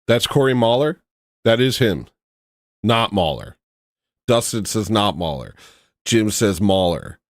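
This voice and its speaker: A man hosting a livestream, talking in a low voice that swings widely in pitch as he jokes, mocks and laughs his way through a video. His sound is close and dry, with no room around it. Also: very animated, measured pace, long pauses, dry recording. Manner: joking, sarcastic, laughs often. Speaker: livestream host. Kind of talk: casual reaction commentary.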